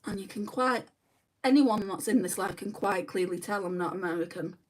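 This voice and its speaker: A woman's voice: medium pitch, moderate pace. A young woman hosting a makeup livestream at home, chatting casually and answering viewer comments one by one. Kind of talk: casual live chat while doing makeup. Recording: voice a bit distant from the mic.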